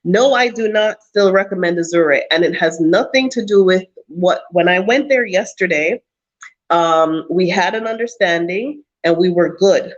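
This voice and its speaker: Speaking at a normal speed in a fairly low voice, a woman doles out blunt advice to viewers during a casual livestream chat. She is emphatic and preachy and repeats lines for stress, all in lo-fi sound.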